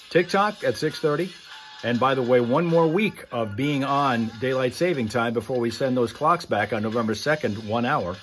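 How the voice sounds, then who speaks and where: A man hosting a live stream, signing off in a folksy, chatty, rambling way. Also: medium pitch. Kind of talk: casual sign-off of a live stream.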